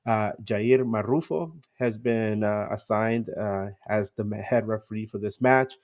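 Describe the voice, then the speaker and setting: A man's voice: fairly low pitch, a little slow, a little mellow. A man hosting a casual soccer podcast, chatty, with frequent fillers and easy laughs. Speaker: podcast host. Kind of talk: casual sports podcast talk.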